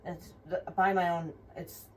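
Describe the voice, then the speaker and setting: A woman's voice: fairly low pitch, flat delivery, measured pace, a little mellow. Rambling, profane young woman. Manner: rambling, frank and profane, full of fillers. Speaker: vlogger. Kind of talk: casual personal storytelling. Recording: somewhat distant mic with faint room noise.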